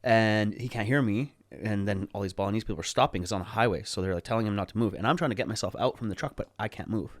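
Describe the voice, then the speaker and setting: A man with a low voice tells a story as a podcast guest, casual and animated, and he swears freely. He acts out what people said. The sound is dry and close. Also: quick pace, hardly any pauses, dry recording.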